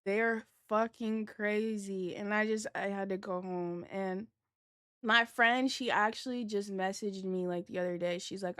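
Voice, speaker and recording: A young adult woman chats to her livestream viewers in a loose, slangy storytelling voice, cursing freely and laughing through it. Her pitch sits in an ordinary middle range. The sound is dry, with no room in it. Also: fairly even intonation, unhurried, fairly bright tone, smooth, no room sound. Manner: slangy, profane, laughing as she tells the story. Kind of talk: casual storytime chat with viewers.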